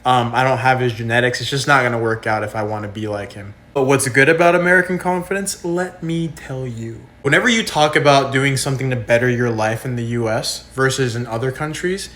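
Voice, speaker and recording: A man's voice: medium pitch, brisk, hardly any pauses, fairly bright tone. A man talking casually to camera, emphatic and enthusiastic, swearing freely.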